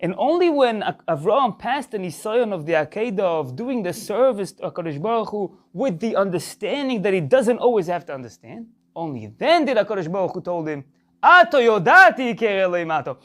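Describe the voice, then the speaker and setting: A man's voice: high-pitched, very animated, brisk, fairly bright tone. A man, a rabbi giving a Torah lesson in English full of Hebrew terms and rhetorical questions.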